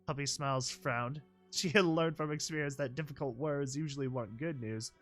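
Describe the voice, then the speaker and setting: A man reading a fan fiction story aloud, animated, with joking commentary and chuckles. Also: on the high side, moderate pace, soft background music. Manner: animated, joking asides, laughs mid-line. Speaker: reader and commentator.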